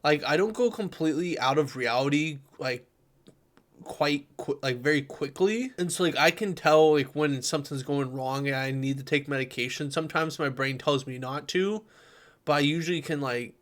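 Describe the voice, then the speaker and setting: A man's voice: fairly high pitch, normal speed, fairly bright tone. A young man casually recounting personal experiences, rambling with many fillers and restarts. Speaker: streamer sharing personal experiences.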